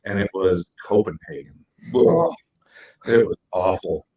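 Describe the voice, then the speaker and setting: A man with a low, husky voice tells stories on a podcast. He is animated and acts out what people said, his voice leaping high for the quoted bits. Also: a little slow, low-quality recording. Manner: animated storyteller, acts out quotes with big pitch jumps. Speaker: podcast co-host. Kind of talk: casual storytelling chat.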